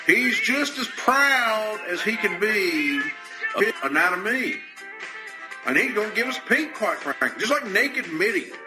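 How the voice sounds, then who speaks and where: A man's voice: high voice, expressive, moderate pace, low-quality recording. A man doing a drawling announcer. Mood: grumbling, crooning. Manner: drawling, rambling, with throat-clearing and hesitant "uh"s. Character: older male wrestling announcer, folksy and grumbling. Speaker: podcast host. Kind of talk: comic celebrity impression with parody singing. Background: music.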